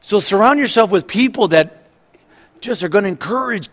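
A middle-aged man preaching a sermon in a lively way, acting out the voices of people in the story and laughing as he goes. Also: high voice, moderate pace. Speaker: pastor.

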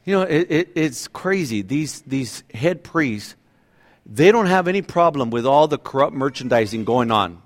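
Animated man preaching a sermon. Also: medium pitch, normal speed. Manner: conversational, animated preaching with laughs and acted-out voices. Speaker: pastor.

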